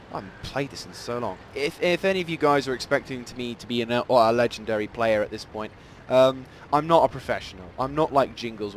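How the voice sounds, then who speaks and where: A man giving rambling, self-deprecating live commentary over a tank game, with sudden excited outbursts. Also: mid-range voice, a little hiss or hum. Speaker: gameplay commentator. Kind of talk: casual live gameplay commentary.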